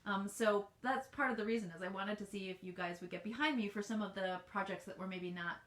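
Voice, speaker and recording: A woman's voice: mid-range voice, brisk, a bit bright. Chatty American woman in an echoey room. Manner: chatty and rambling, many ums and restarts. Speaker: author hosting a live Q&A. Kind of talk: casual livestream Q&A. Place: home office.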